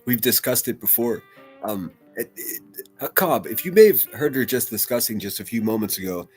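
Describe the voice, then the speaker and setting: A man's voice: medium pitch, animated, normal speed, a little mellow, soft background music. A man hosting a casual livestream, reading chat comments aloud and rambling in a loose, profane way. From United States. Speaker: livestream host.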